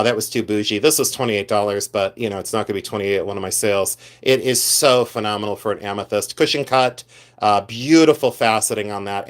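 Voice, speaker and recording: A middle-aged man hosting a live reseller stream, chatting animatedly and reading viewer comments aloud as he shows his finds. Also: medium pitch. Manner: mimics shouting collectors for laughs. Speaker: reseller host. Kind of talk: live-stream show-and-tell chat.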